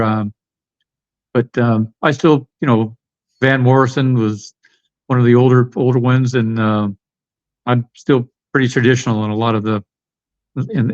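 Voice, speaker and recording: A man's voice: mid-range voice, dull audio. A middle-aged American man, a podcast guest, rambling with many fillers and restarts. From United States. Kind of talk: casual interview chat.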